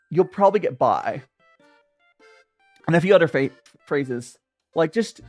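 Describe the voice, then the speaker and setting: Young streamer rambling over tea, voice bouncing up and down a lot, some soft music behind. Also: medium pitch. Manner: rambling, chatty, greets viewers by name. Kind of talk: casual chat while drinking tea.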